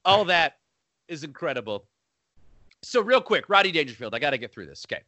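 Bright-voiced, laughing movie fan. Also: male voice, a little high, sing-song, fairly quick, dry recording. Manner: enthusiastic, laughs often while quoting lines. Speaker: podcast co-host. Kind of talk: casual movie chat.

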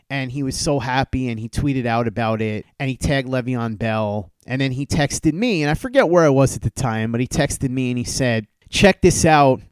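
A man's voice: mid-range voice, smooth, dry recording. A man hosting a podcast, telling a story casually and acting out the exchanges he quotes with a livelier voice. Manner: animated retelling, acts out quoted texts with raised voice. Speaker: podcast host.

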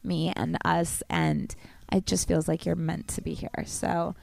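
Giggly woman with a gravelly, sick voice. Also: on the low side, a little slow, a little mellow. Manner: giggly, playful. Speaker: podcast host. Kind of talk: casual chat.

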